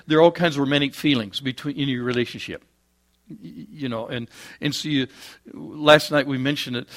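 A man delivering a sermon in a somewhat high voice. He builds to loud, emphatic peaks and then drops into quiet, low asides, mixing in homely jokes. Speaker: preacher.

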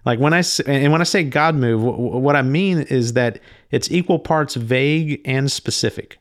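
A man telling of a spiritual experience in a slow, reflective monologue, often stopping and restarting his sentences. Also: medium pitch. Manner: halting, frequent restarts; slow, thoughtful delivery. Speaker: speaker recounting a spiritual experience.

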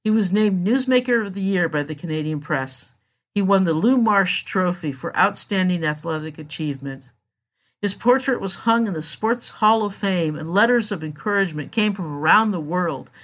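A narrator telling a true story in a measured, solemn scripted narration. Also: mid-range voice, expressive, fairly bright tone.

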